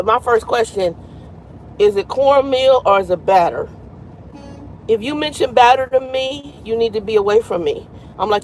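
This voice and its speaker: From the cab of her truck at a terminal, a fifties-aged woman truck driver talks candidly on a casual live stream and greets viewers by name. She has a medium-pitched, darkish voice, and the recording is low quality with slight hiss or hum.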